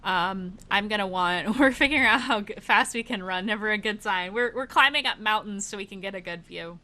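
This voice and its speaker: A woman's voice: medium pitch, fairly quick, sharp tone. A woman narrating as dungeon master of a tabletop game, chatty and laughing often, thinking aloud with fillers.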